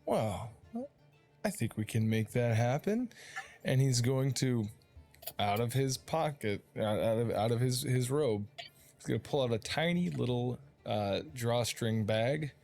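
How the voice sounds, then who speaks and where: A man's voice: mid-range voice, expressive, darkish tone, soft background music. Casual man running a tabletop game. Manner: casual, loose storytelling with quick asides. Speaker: dungeon master.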